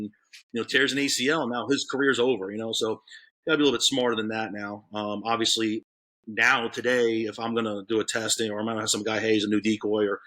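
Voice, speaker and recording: Low-voiced rambling man from Florida. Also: a bit bright. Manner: rambling, many fillers and restarts. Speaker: podcast guest, K9 handler. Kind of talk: casual storytelling chat.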